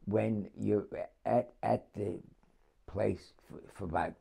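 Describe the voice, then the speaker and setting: Older New man, gravelly veteran storyteller, chuckling, halting. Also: lowish voice, steady tone, mellow. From New York City. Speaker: war veteran interviewee. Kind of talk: oral history storytelling.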